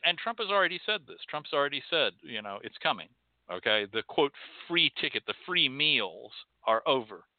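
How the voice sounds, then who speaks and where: This is a medium-pitched Southern American man running a call-in show, ranting in a fiery, foul-mouthed, rhetorical way and circling back to the same phrases. The audio is dry and tinny like a phone line, with no echo.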